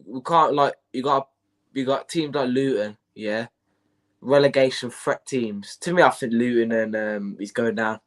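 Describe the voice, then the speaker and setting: This man has a medium-pitched voice and speaks a little slowly while co-hosting a relaxed football stream. Hay fever and a bug leave him congested. He chats like a fan, easygoing and repeating himself.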